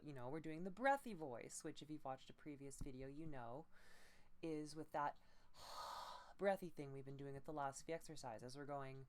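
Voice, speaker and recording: A woman voice coach with low energy, gently leading breathing and pitch exercises step by step. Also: slight background noise. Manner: slow, gentle step-by-step instruction with breathy demo sounds. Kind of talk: guided voice training exercises.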